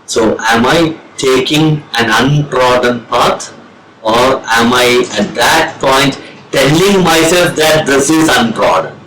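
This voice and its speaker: A man with an Indian English accent, a professor of English giving a slow, measured lecture on reading poetry with deliberate pauses. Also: mid-range voice, expressive, fairly bright tone, a little hiss or hum. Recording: roomy with faint ambience.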